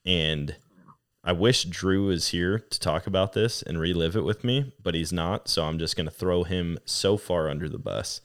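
Deep-voiced man hosting a podcast. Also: normal speed. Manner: animated, laughing storyteller who acts out quotes. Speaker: podcast host. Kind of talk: casual storytelling chat.

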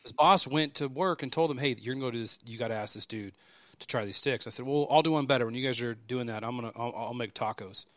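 A man telling stories with lively energy, breaking into quick snatches of other people's lines. His voice sits in an ordinary middle register. The recording is dry and close to the mic, with no room sound. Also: mid-range voice, dry recording. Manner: animated, acts out dialogue in quick bursts. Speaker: podcast guest. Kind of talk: casual storytelling.

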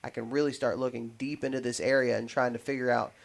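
A man's voice: medium pitch, level tone, fast, vocal fry. A man in casual podcast chat, talking in loose, rambling sentences full of restarts and fillers.

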